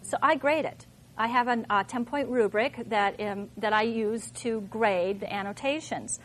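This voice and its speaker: High-voiced animated woman teacher. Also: a little slow, a little hiss or hum. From Minnesota. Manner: animated, thinks aloud with rhetorical questions. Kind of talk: classroom demonstration talk.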